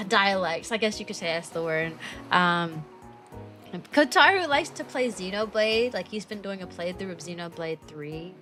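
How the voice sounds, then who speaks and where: A woman's voice: lowish voice, sharp tone. A young woman, chatting casually on a stream in a bubbly, rambling, playful way.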